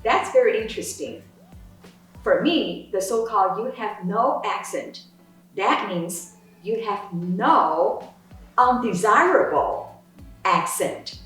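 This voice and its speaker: A woman lecturer explains ideas unhurriedly, with a lively, rising and falling voice. She sounds distant from the mic, and the room echoes strongly. Faint music plays under her. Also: mid-range voice, slow. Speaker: course instructor, sociolinguist. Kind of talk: teaching dialogue.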